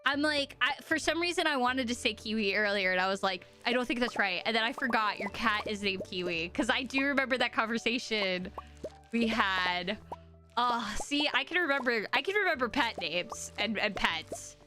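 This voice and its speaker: Giggly, bright-voiced American woman streamer. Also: on the high side, expressive, moderate pace, faint music behind. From United States. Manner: giggly, rambling, self-deprecating. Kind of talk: casual chat with viewers while gaming.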